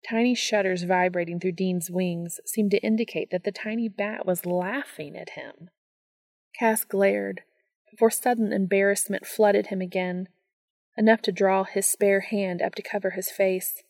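A woman narrating a romance story aloud in a calm, soft storytelling manner. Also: mid-range voice, moderate pace, no echo.

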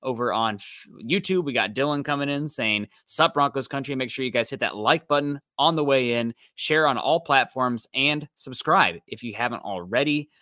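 Male stream co-host, relaxed chat tone, crisp bright voice, dry close mic. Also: mid-range voice, moderate pace, dry recording. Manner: reads viewer comments aloud, easygoing. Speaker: co-host of a fan livestream. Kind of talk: casual livestream chat.

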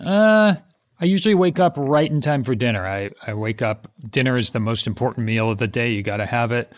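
Middle-aged dude cohosting a comedy podcast, deadpan, takes everything literally. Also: male voice, mid-range voice, fairly quick, no echo, clean studio sound. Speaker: podcast co-host. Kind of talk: improvised comedy podcast chat.

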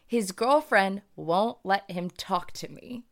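A woman's voice: medium pitch, slow pace, vocal fry. A young woman with a Michigan accent, co-hosting a podcast, reading listener confessions in a candid, giggly way. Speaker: podcast co-host. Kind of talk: casual chat.

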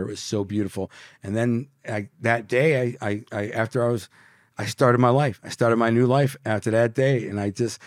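A man's voice: mid-range voice, dry recording. Man telling his story, dry sound. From Detroit, USA. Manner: emotional, vivid storyteller using slang like dude and bro. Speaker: podcast guest, author. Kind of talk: casual storytelling in an interview.

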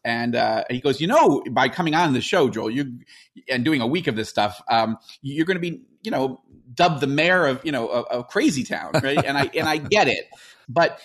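A man's voice: medium pitch, animated, normal speed, fairly bright tone. A man talks on a podcast in an earnest, explanatory way. He often restarts his sentences and drops in fillers as he goes. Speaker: podcast host. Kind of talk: casual podcast discussion.

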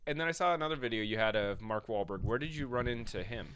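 A man's voice: on the low side, lively intonation, quick pace, a bit bright. A man co-hosting a podcast, jumping in eagerly to clarify and react in casual chat. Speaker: podcast co-host.

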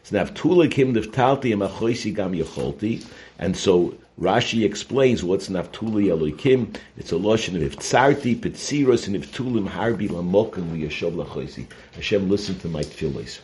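A man's voice: deep voice, animated, normal speed, darkish tone. A man teaching a weekly Torah portion class, earnest and explanatory, often restarting and repeating his words. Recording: noisy recording.

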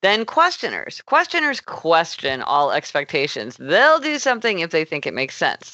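Lively, bright-voiced woman author explaining. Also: fairly low pitch, no echo, lo-fi sound. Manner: brisk, articulate, lists ideas clearly. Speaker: author and interview guest. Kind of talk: explanatory interview talk.

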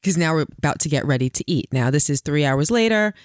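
A woman's voice: sits low, lively intonation, quick pace, no room sound, clean studio sound. A woman co-hosting a podcast, chatting casually, laughing often and adding details to the story. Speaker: podcast co-host. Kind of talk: casual chat.

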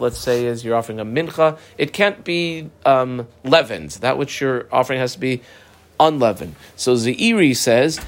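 A man teaching a Talmud class, reading the Aramaic aloud and explaining it step by step, with a yeshiva-style pronunciation of Hebrew words. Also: mid-range voice. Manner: explains term by term, reads Aramaic then translates; uses Yiddish-influenced yeshiva pronunciation of Hebrew.

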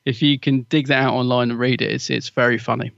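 A man's voice: mid-range voice, fairly even intonation, fast talker, vocal fry, fairly bright tone, no room sound, dull audio. A man co-hosting a podcast, chatty and gossipy, often laughing as he talks. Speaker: podcast co-host. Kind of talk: casual chat.

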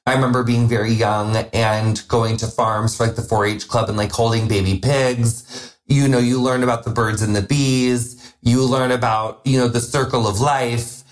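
A young man hosting a podcast, talking in a campy, chatty way with quick asides and playful jabs. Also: mid-range voice, fairly even intonation. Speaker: podcast host. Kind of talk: casual chat.

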